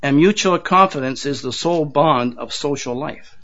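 An older pastor gives his congregation a folksy, conversational sermon at normal speed, his slightly high, somewhat bright voice repeating words as he chuckles at his own asides. The recording is dull and lo-fi.

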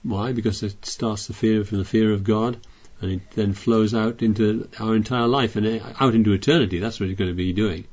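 A man's voice: on the low side, steady tone, brisk, hardly any pauses, a little mellow, highs cut off. A man preaching a sermon, reading scripture aloud and explaining it in a chatty way with frequent restarts.

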